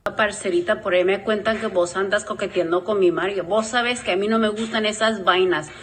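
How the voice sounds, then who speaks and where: A woman with a Colombian accent, a guest, performing a sharp, scolding sample monologue. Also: medium pitch, steady tone, fast talker, slight background noise.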